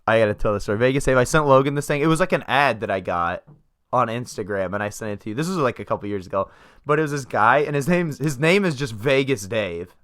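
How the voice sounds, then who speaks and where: A man's voice: medium pitch, animated, quick pace, fairly bright tone. A young man co-hosting a podcast, telling loose, profane stories in casual chat. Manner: profane, rambling storytelling. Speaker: podcast co-host.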